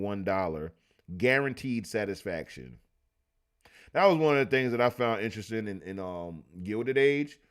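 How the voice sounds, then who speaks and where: A man's voice: fairly low pitch, fairly bright tone, smooth. A man hosting a casual livestream, reading old newspaper clippings aloud and retelling stories in loose, profane slang. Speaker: livestream host.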